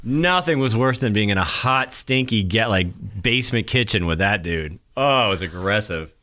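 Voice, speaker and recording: Man, middle-aged, radio co-host, casual chat, lively pitch, bright tone. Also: moderate pace. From northeastern US. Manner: animated, laughs often, acts out quotes.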